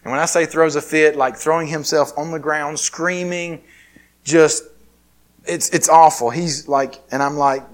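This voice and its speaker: A man's voice: a little high, fairly even intonation, unhurried. A man preaching a sermon, telling a personal story in a conversational, self-deprecating way. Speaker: pastor.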